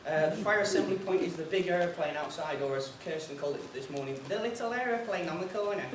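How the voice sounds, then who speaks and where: High-voiced man telling jokes in a hall. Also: animated, fast talker. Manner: chatty anecdotal storyteller. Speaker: seminar organiser and host. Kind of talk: joke-telling and housekeeping to an audience. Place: conference room on an air base. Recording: roomy hall from far off, noisy.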